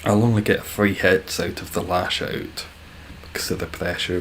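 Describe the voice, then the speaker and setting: A man's voice: low voice, fairly even intonation, normal speed, a bit bright, slight background noise. A young Scottish man streaming, chatting casually with viewers in a dry, joking way, swearing freely. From Scotland.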